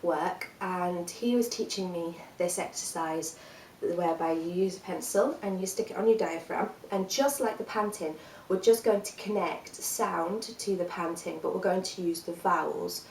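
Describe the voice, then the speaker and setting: A woman with a fairly low voice leads a singing workshop, calm and encouraging as she explains each exercise step by step. Her voice carries the echo of a hard room and sits a little back from the mic, with a faint hiss behind it. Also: moderate pace, far from the mic. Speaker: singing teacher. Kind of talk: vocal workshop instruction.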